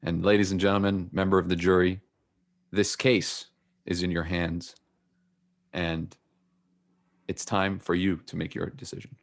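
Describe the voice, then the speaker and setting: A man voicing a calm wise old man who answers a riddle in a measured, solemn way. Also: deep voice, vocal fry.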